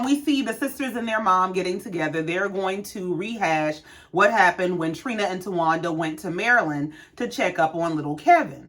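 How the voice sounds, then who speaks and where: A woman's voice: mid-range voice, a bit bright. A woman hosting a reality TV recap in a sassy, casual commentary style and talking back to the people on the show.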